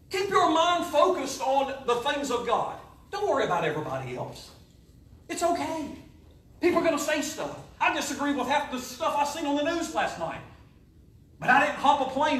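A pastor, preaching a folksy, joking sermon in a church. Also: male voice, very high voice. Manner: folksy, joking preaching with sudden loud rises. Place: church sanctuary. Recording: echoey church, voice from a distance.

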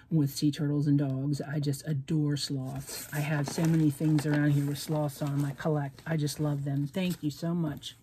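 A middle-aged woman casually chatting at home as she opens craft mail, gushing and jumping to squealing highs when excited. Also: normal speed, slight background noise. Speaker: craft vlogger opening friend mail. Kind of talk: casual chat.

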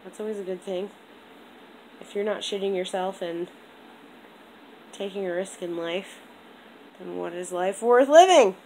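A young woman chatting on a home vlog, rambling and animated, with a congested throat. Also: mid-range voice, measured pace, pauses often, slight background noise, rough recording. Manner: rambling, animated storytelling with lots of "like". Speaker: vlogger. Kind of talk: casual vlog chat.

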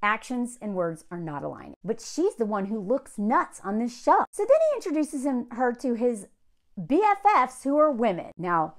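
A woman's voice: fairly high pitch, big pitch swings, normal speed. A woman from the American South giving casual reaction commentary on a dating show, chatty and sarcastic. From Southern United States. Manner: chatty, sarcastic, mocks others in put-on quotes.

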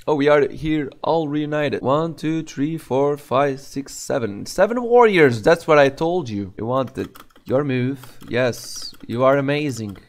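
A man giving profane, excitable, mocking commentary over his gameplay. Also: medium pitch, measured pace. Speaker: gamer.

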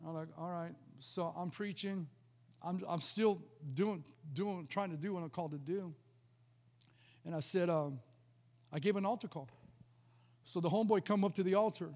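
A man's voice: high voice, moderate pace, pauses often, darkish tone. A male pastor preaching a sermon, telling a personal testimony with emphatic, vivid storytelling and acted-out dialogue. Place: church sanctuary. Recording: long hall reverb.

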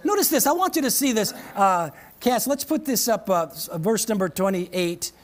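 A woman pastor delivers a sermon to her church with a lively voice that swoops up and down. She presses her points by repeating them and keeps asking the congregation whether they are hearing her. Now and then she lightens things with a chuckle and a playful aside. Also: mid-range voice, normal speed. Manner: emphatic, repeats phrases, calls out to the congregation. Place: church service.

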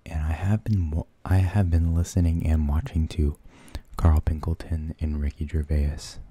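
A man rambling in soft-spoken ASMR, half-whispering and hesitating as he searches for words. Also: very deep voice, flat delivery, normal speed, husky. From United States. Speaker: ASMR channel host.

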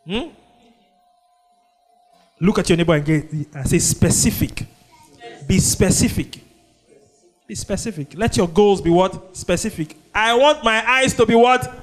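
A man's voice: high voice, unhurried, long pauses, faint music behind. A man with a Nigerian accent preaching a sermon, who keeps asking the congregation "what?" so they finish his sentences. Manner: call-and-response preaching, prompting the congregation with "what?". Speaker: pastor.

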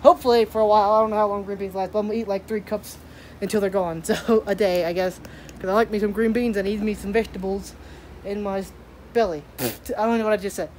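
A woman's voice: medium pitch, fairly even intonation, fast, darkish tone, slight background noise. A young woman vlogging at her rural home, chatting in a rambling way and talking to her pets. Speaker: daily vlogger. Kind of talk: casual vlog chat.

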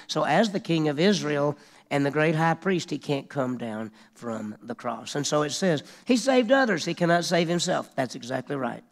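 A man's voice: fairly high pitch, creaky. A middle-aged male pastor preaching an expository sermon, raising his voice to act out the mocking crowd. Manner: expository preaching, acts out mockers with raised voice.

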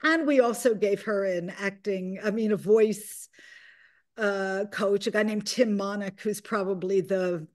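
A woman's voice: medium pitch, a little slow, a little mellow. An older woman, a film director, answering interview questions in a meandering, reflective way, full of fillers and restarts.

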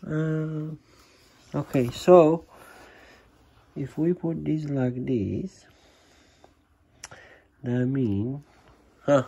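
A man talking to his small daughter at home in a home vlog, patient and gently coaxing, in simple broken English. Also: on the high side, steady tone, very slow, vocal fry, pauses often, husky, highs cut off. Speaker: father filming his young daughter. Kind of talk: casual home vlog talk to a child.

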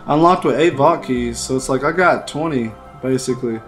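A young man, a gaming streamer, chatting casually as he wraps up a livestream, relaxed and talkative, often saying "man". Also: medium pitch, normal speed, hardly any pauses, soft background music. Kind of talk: casual livestream outro chat.

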